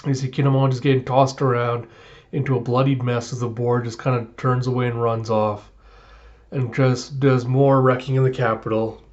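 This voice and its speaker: A man talks through a comic chapter in a chatty, sarcastic way. His voice sits at an average pitch. The recording is dull and lo-fi. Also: little pitch movement, moderate pace, a little mellow. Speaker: manga reviewer. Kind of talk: casual reaction recap.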